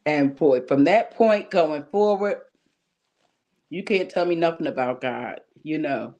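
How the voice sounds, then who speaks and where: A woman's voice: low-pitched, animated, measured pace, dark tone, highs cut off. A woman, a guest on a talk show, telling her personal faith testimony in an earnest, emotional way, near tears at times, with many fillers.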